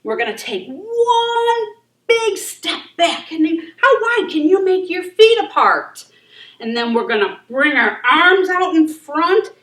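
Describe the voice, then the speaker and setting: Woman children's yoga instructor, high-pitched and sing-song, unhurried; recorded far off in a reverberant room. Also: very animated. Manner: encouraging, gentle and sing-song. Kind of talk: leading a kids' yoga class. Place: library room.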